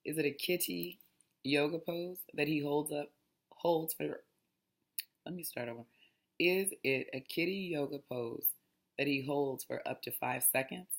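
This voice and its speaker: A woman's voice: low-pitched, creaky. A woman hosting a casual mindfulness talk, reading aloud in a chatty, digressive way and often restarting her lines. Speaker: host.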